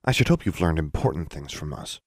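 Man playing a calm witch sister, soft and measured, low voice, audiobook. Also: no room sound, studio quality, exaggerated voice.

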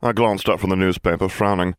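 A man reading a first-person story aloud with dry, deadpan comic delivery. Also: low voice, brisk, smooth, dry recording. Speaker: narrator.

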